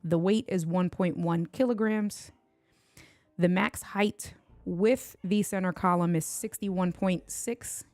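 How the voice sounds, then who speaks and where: A woman's voice: fairly low pitch, steady tone, slow pace, darkish tone, dry recording. Woman from puerto rico doing a chill tech unboxing stream, chatty, dry sound, a bit of music faint behind her. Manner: chatty, banters with viewers in chat. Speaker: tech livestream host. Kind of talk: casual livestream unboxing.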